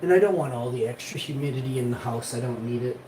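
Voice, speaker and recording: A man's voice: mid-range voice, quick pace, distant mic. A Canadian man rambling and complaining while he cooks in his home kitchen, talking casually to viewers. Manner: rambling, complaining, self-assured. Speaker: streamer. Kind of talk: casual kitchen vlog talk. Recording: echoey room, voice off-mic, background noise.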